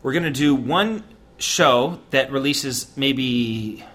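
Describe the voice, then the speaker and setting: A US man co-hosts a podcast in a slow, medium-pitched voice with a fairly bright tone. His talk is casual and rambling, punctuated by jokes and regular laughter.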